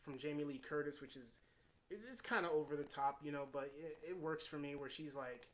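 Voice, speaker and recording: Male movie reviewer, slightly higher voice, loose rambling delivery full of fillers. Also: a little fast. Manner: rambling, heavy on fillers and restarts; retells scenes in paraphrased quotes. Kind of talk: casual unscripted film review.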